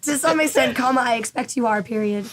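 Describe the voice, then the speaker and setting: A woman's voice: fairly high pitch, quick pace, lightly acted. A woman reading a haughty, scolding part at a table read, dry and cutting, saying the punctuation aloud. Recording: distant voice over loud noise.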